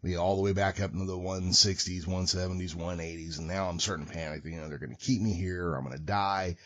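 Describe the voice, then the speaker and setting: A man's voice: deep voice, fast talker. A man hosting a podcast, telling a story in a casual, profane, wry way. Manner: profane, wry, animated retelling. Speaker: podcast host. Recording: muffled lo-fi audio.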